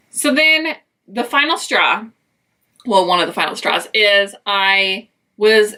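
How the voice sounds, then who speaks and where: A woman's voice: fairly high pitch, bright, forceful tone. A woman from Utah telling a personal story in a chatty vlog, acting out the dialogue as she goes. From Utah, United States. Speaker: vlogger.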